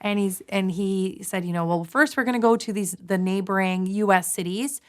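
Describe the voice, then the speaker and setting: A Canadian woman in her thirties, a nurse appearing as a guest in a casual interview, tells a long personal story. Her mid-range voice is smooth and moves at normal speed, and her telling is full of fillers, restarts and quoted asides.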